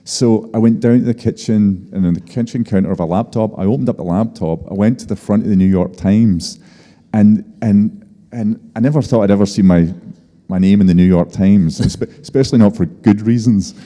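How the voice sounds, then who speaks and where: Low, dark-voiced man telling stories. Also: normal speed. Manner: lively anecdotal, acts out quotes. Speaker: Nobel laureate guest. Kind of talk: storytelling on stage. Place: lecture hall. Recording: long hall reverb.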